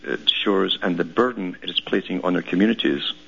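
Deep gravelly man on lo-fi radio. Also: brisk, fairly bright tone. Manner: sardonic, repeats words and restarts often. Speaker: talk radio host. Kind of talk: rambling radio monologue reading news clippings. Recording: dull lo-fi radio broadcast.

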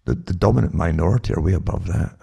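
A man's voice: deep voice, fast, dark tone. A man giving a rambling spoken monologue, restarting often and tossing in questions like "eh?" to the listener. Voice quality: gravelly, husky. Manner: rambling, with frequent restarts and asides like "eh?". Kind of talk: monologue commentary.

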